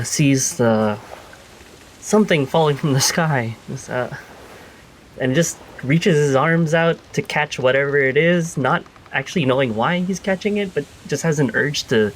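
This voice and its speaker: A man describing his character's actions in a tabletop game, halting with many fillers. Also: mid-range voice, a little hiss or hum, poor audio. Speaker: player.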